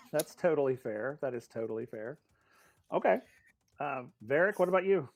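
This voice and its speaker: A man narrating as game master of a tabletop game, chatty and animated, with many fillers. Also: on the high side, normal speed.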